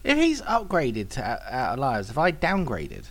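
Brief: male podcast co-host, animated mid-range voice, dry mocking one-liners. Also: medium pitch, normal speed. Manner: wry, mocking quips. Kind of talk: casual gaming podcast chat.

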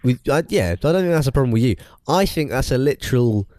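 Rambling animated young man. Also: medium pitch, fast talker, no echo. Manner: rambling, restarts often, animated storytelling. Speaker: podcast co-host. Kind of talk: casual chat.

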